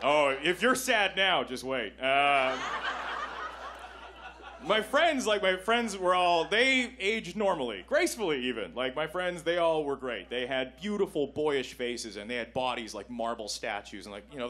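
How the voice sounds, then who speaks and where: A young man from Canada doing a stand-up set in a comedy club, self-deprecating and switching into quick voices for the people in his stories. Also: on the high side, very animated, fairly bright tone, a little hiss or hum. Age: 20s.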